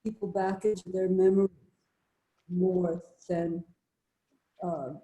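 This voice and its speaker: A woman's voice: lowish voice, flat delivery, takes it slowly, mellow. A woman from the audience asking a question in a hesitant way, searching for her words. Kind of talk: casual question. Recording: roomy echo.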